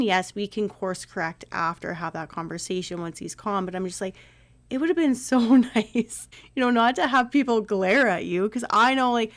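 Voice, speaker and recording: A woman hosting a podcast interview, talking earnestly and reflectively in a casual, conversational way and sharing stories about raising her son. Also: fairly high pitch. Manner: earnest, reflective, shares personal parenting stories. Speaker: podcast host.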